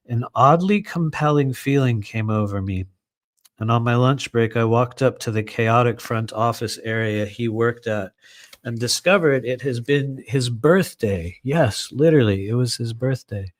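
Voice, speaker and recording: A man's voice: medium pitch, unhurried, no room sound. Man reading his book with chatty asides. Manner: conversational, digressive, many "you know"s.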